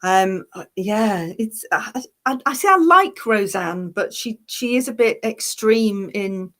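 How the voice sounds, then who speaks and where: A woman's voice: mid-range voice, expressive, measured pace, fairly bright tone. An English actress with a fairly neutral, near-London accent, chatting casually in an interview, laughing often and restarting her sentences. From Yorkshire, England. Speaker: actress and online parody creator.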